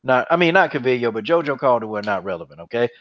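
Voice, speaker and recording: A man's voice: medium pitch, lively intonation, fast talker. A man hosting an MMA podcast who talks in a heated, mocking way, repeating himself and swearing freely. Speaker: podcast host. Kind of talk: heated casual MMA chat. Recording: dull, lo-fi podcast audio.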